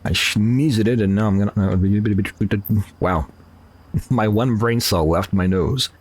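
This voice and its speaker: A man's voice: on the low side, slow pace. A man casually commenting while he plays a horror game, rambling and joking with himself and talking back at the game. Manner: rambling, self-mocking, talks to the game. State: slightly nasal after sneezing. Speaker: let's play host.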